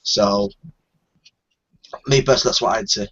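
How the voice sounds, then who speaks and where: A man's voice: fairly low pitch, steady tone, moderate pace, fairly bright tone. A man from northern England, host of a casual live group chat, talking bluntly and swearing freely. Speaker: show host. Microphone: video call. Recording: dull lo-fi online call audio.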